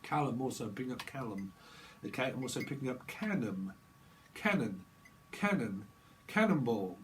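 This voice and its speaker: A man's voice: mid-range voice, lively intonation, moderate pace, noisy background. A man doing a casual tarot reading, rambling in playful free association and repeating words in sing-song runs. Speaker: tarot reader.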